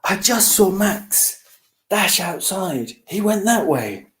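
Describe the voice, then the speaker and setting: A man's voice: sits high, wildly swooping pitch, takes it slowly, a little mellow, pitched above the performer's own voice, exaggerated voice. A man voicing a helpful little fish in a children's storybook reading. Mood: bubbly.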